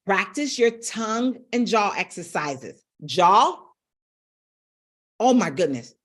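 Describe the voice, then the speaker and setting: A woman's voice: medium pitch, very animated, slow. A middle-aged woman vocal coach giving a live-streamed voice lesson, speaking directly to her viewers.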